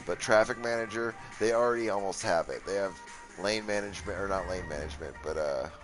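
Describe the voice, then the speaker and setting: A man's voice: sits low, brisk, music in the background. A young man streaming a game, tired and rambling, with sarcastic asides and lots of swearing. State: worn out from a long session. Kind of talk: casual gaming commentary.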